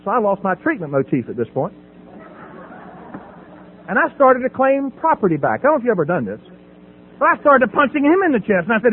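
A man's voice: very high-pitched, big pitch swings, brisk, breathy edge. A middle-aged man sharing his recovery story from a podium, telling it with humor and acting out the voices in dialogue. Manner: storytelling, acts out voices in dialogue, laughs at himself. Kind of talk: personal testimony from a podium. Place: meeting hall at a podium. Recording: tinny phone-like sound with mains hum.

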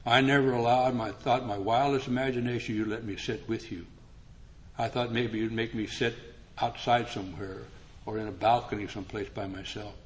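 An older man speaking at a recovery meeting, telling a humorous personal story and getting animated as he acts out conversations. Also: normal speed. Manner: animated, rises in pitch when acting out dialogue. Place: meeting room before an audience.

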